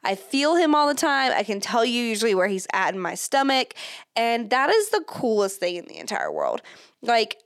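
A woman's voice: a little high, huge pitch swings, normal speed, clear, resonant tone, dry recording. Brief: young pregnant woman, podcast host, candid rambling chat, dead dry room. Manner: chatty, candid, many fillers and laughs. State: pregnant, third trimester. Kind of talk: casual chat.

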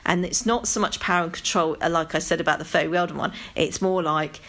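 A woman with a London accent, co-hosting a casual chat about television, rambling with animated asides. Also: on the low side, fairly quick. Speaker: podcast co-host.

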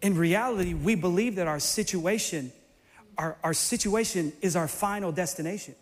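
A male preacher delivering a sermon in an animated, playful way, sometimes bursting into shouts. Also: sits high, normal speed, big-room sound.

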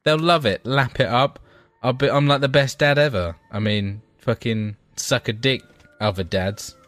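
A man with young kids, co-hosting a casual podcast, telling stories in a sweary, excitable way. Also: medium pitch, normal speed, no echo, soft background music. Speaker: podcast co-host. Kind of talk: casual banter.

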